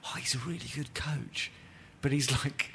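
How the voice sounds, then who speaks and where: A man's voice: medium pitch, steady tone, normal speed, a bit bright, slight background noise. A man hosts a laid-back football podcast in an ordinary mid-range voice. He talks bluntly, swears without a second thought and laughs his way through his opinions. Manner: blunt, swears casually, laughs while talking. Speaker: podcast host. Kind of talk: casual football podcast chat.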